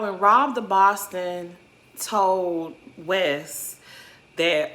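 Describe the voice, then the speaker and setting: A woman talking through a reality show episode in loose, animated commentary. Her voice sits a little low but comes out bright and forceful. She leans hard on her points and breaks into laughter often. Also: extremely slow. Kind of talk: casual commentary.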